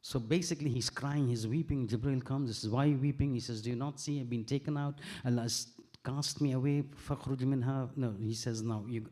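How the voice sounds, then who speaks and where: A man preaches in an earnest, steady voice, narrating a sacred tale and quoting scripture as he goes. His pitch sits in an ordinary middle range for a man. Now and then he races through Arabic verses before returning to his measured storytelling. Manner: recites Arabic verses rapidly. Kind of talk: religious sermon with storytelling.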